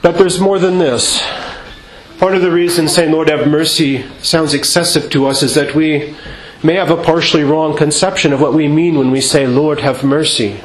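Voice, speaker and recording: A male priest giving a measured sermon in a church, asking rhetorical questions and singing out quoted refrains. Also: a little high, fairly even intonation. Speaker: Orthodox priest. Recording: echoey church with faint ambience.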